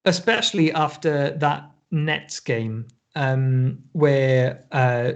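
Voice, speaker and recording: A man's voice: mid-range voice, slow pace, dull audio. A man co-hosting a casual basketball podcast, rambling and restarting, often breaking into laughs. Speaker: podcast co-host. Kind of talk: casual chat.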